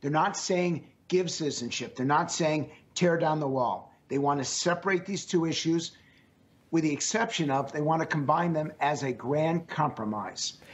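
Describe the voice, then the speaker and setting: A man's voice: a little high, normal speed. Earnest man with a strained voice. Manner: earnest, emphatic, repeats phrases. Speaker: pollster guest. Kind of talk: remote interview answers.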